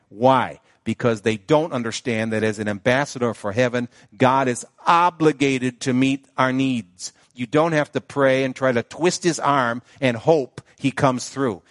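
A man's voice: medium pitch, no room sound, clean studio sound. A male pastor preaching a sermon in a conversational way, often checking in with the congregation. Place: church sanctuary.

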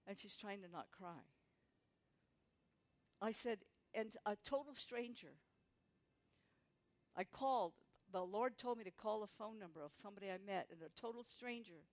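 A woman stands before a church congregation and shares her personal testimony. Her voice sits in a natural middle range. She slips into the voices of the people in her story as she tells it. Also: medium pitch. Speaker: guest speaker giving testimony.

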